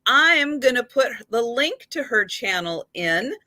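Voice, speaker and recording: A woman hosts a live stream over a video call, friendly and a little hesitant. Her voice is bright and sharp and sits fairly high. The sound is dry and close. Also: very animated, unhurried, dry recording. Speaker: host. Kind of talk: casual chat on a live stream.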